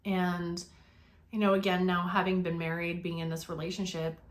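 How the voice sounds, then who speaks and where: A woman's voice: lowish voice, little pitch movement, moderate pace. Earnest woman in her forties telling her story. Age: 40s. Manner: earnest, reflective, with many fillers and restarts. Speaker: vlogger sharing her life story. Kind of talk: personal storytelling to camera.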